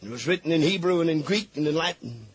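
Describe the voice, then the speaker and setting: A man's voice: on the high side, lively intonation, fast, slightly rough. A man preaching a fervent sermon, reading scripture aloud and pleading with his listeners.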